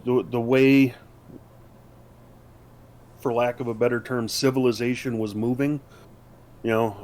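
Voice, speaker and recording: A man talks casually on a podcast, wandering through his points with frequent fillers and restarts. His voice sits at a middle pitch for a man. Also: a little mellow. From United States. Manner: rambling, many fillers and restarts. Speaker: podcast co-host. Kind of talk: casual chat.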